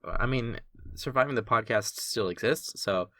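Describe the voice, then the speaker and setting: A man's voice: mid-range voice, moderate pace, pushed and bright, dry recording. Laid-back male game master, dry sound. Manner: laid-back, joking, talks through rulings aloud. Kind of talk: running a tabletop game, casual chat.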